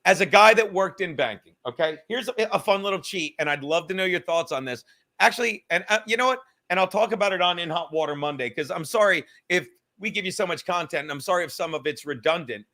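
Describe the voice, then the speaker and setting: A young man hosting a livestream, talking in a profane, rambling, animated way. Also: high voice, quick pace. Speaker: livestream host. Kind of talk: casual livestream rant.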